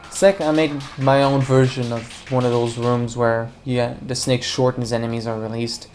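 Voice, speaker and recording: A woman's voice: very deep voice, little pitch movement, normal speed, a little mellow, faint music behind. A woman casually commenting on a puzzle game as she plays, rambling and joking, talking to the viewers and the game characters. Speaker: let's play commentator.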